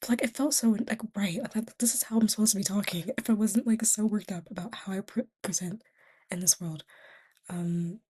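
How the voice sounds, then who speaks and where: A woman's voice: mid-range voice, fairly even intonation, a little fast, dark tone, husky. A tired young woman vlogging in a casual, rambling way, often dropping to a whisper between fillers. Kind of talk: casual confessional chat.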